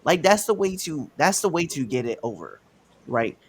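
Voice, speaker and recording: Animated ranting podcast host, higher voice. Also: male voice, normal speed, breathy edge. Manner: animated, laughs often, ranting with slangy asides. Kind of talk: casual live podcast chat.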